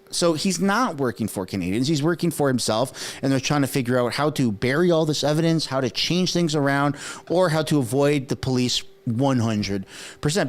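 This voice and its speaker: Man, native French speaker, casual political commentary, animated, conversational asides, slightly high voice. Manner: acts out quoted speech in put-on voices.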